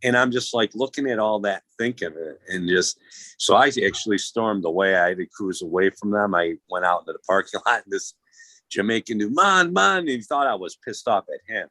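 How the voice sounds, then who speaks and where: Casual male storyteller, low-pitched, loose and profane, acts out quotes. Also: a little fast, a bit bright, no echo, rough recording.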